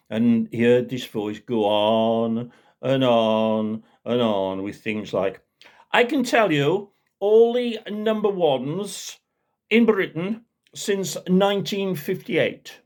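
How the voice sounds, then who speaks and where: Older black country bloke spinning a yarn, slow and chatty. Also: male voice, a little mellow. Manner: slow, chatty, dropping to low asides. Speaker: storyteller. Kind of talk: casual spoken storytelling.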